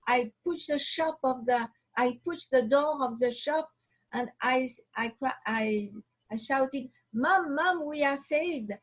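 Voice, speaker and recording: A woman from Switzerland, a watch designer, telling her story in an interview over a video call, halting and often restarting as she searches for words. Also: sits high, fairly even intonation, rough recording.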